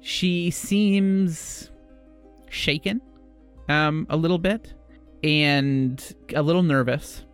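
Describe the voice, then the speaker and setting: A man's voice: on the high side, very slow, soft background music. A man narrating a tabletop game as game master, in a loose style full of fillers. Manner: casual, filler-heavy narration.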